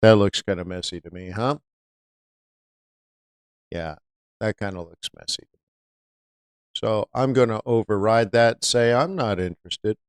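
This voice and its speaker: A man's voice: fairly low pitch, unhurried, pauses often, smooth, dry recording. A man hosting a live-stream trading lesson, chatty, often asking viewers rhetorical questions. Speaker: trading educator.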